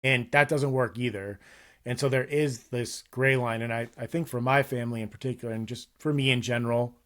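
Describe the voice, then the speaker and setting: A man's voice: mid-range voice, fairly even intonation, brisk, a bit bright. A man in his thirties, a guest on a casual podcast, talking candidly and earnestly about parenting in a loose, rambling way with frequent restarts.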